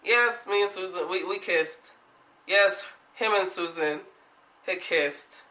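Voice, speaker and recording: A young woman vlogger telling a story in casual chat, animated, laughing often and swearing freely. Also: lowish voice, slow, echoey room, low-quality recording.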